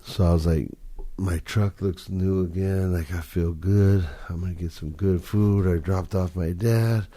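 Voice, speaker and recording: A man with a low voice tells a story in a relaxed, drawling, profane way. His tone is dark and mellow, and he talks like it's a casual chat. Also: measured pace. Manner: laid-back, profane, drawling.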